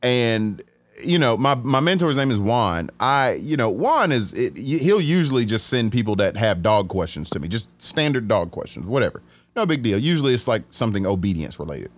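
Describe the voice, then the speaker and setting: Host, man, lively storyteller, restarts a lot, dry close-miked sound. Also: mid-range voice, moderate pace, dry recording. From Atlanta, USA. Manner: animated storyteller, restarts sentences, acts out quoted voices. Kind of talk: casual storytelling conversation.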